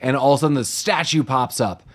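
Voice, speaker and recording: A man co-hosting a podcast, recapping a movie in casual chat with rambling asides. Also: medium pitch. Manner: rambling, quick asides, mock-quoting characters. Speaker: podcast co-host.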